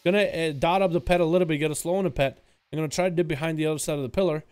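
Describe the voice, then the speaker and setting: A young man casting a video game duel as rapid play-by-play commentary, excitable and hype. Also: on the high side, smooth. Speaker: game caster.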